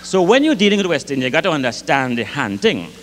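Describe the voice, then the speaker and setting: A Grenadian man doing comic storytelling onstage at a live concert, lively and rich in dialect, acting out the voices in his tales. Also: fairly high pitch, quick pace, slight background noise. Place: concert hall with audience. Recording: live concert hall reverb, faint ambience.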